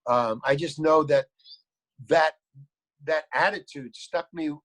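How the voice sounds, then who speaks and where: Male guest spinning an anecdote, lively and acting out each voice, a touch high-pitched. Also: slow. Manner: animated, acts out quoted lines, repeats words. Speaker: guest actor. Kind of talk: storytelling anecdote.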